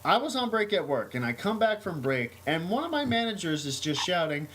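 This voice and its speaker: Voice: mid-range voice, very animated, brisk, few pauses, very noisy. A podcast host in casual chat, reading a news item aloud with many hesitations, then telling a story. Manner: hesitant, many ums and uhs.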